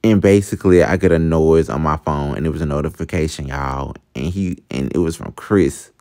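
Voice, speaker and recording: A man's voice: very deep voice, normal speed, dark tone. A young man telling a personal story in a chatty storytime vlog, talking straight to his viewers. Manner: chatty, addresses viewers as y'all, laughs at himself. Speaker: vlogger.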